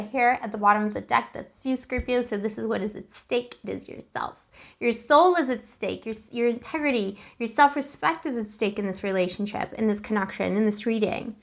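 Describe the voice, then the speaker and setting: A fairly high-voiced woman reads tarot cards in a loose, conversational way. She gets emotional as she goes and sprinkles pet names like boo throughout. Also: gravelly. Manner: chatty, emotional, calls the listener boo. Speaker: tarot reader. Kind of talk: casual tarot reading to camera.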